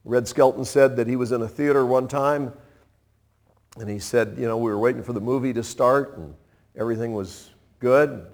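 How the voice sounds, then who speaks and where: A man in his sixties, a pastor preaching a sermon in an animated way, acting out playful voices and chuckling as he goes. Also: medium pitch, moderate pace. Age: 60s.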